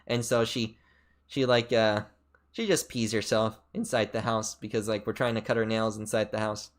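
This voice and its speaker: Rambling young man streamer, jumpy pitch. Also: moderate pace. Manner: rambling storytelling full of fillers and restarts; pitch jumps sharply up and down mid-story. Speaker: VTuber streamer. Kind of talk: casual stream chat.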